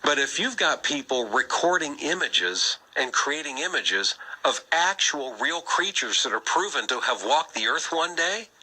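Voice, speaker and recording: A man's voice: fairly high pitch, very animated, a little slow, few pauses, bright, forceful tone, rough recording. A man hosting a Christian apologetics talk show, speaking energetically and pressing the listener with rhetorical questions. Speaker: radio talk show host.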